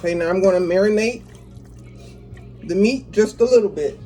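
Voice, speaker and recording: Chatty home cook with a mellow voice. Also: mid-range voice, normal speed, faint music behind, poor audio. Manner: chatty, talks viewers through each step, laughs easily. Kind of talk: casual cooking tutorial. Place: home kitchen.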